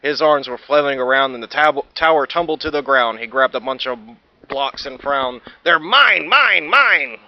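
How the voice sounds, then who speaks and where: A man's voice: medium pitch, steady tone, moderate pace, slight background noise. A man reading a children's storybook aloud for a class, telling it with expression and small stumbles, in a dull lo-fi recording. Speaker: student reader.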